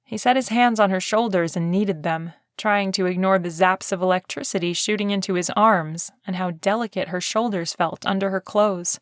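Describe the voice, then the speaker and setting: A woman reading a romance novel aloud, steady and even, pitched in the middle of the range. The studio sound is dead dry with the mic close. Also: moderate pace, hardly any pauses, no echo. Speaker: audiobook narrator. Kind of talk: scripted audiobook narration.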